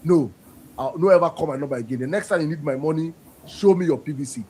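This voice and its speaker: Earnest co-host. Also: male voice, on the high side, fast talker, warm tone, slight background noise, rough recording. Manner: earnest, reads audience questions.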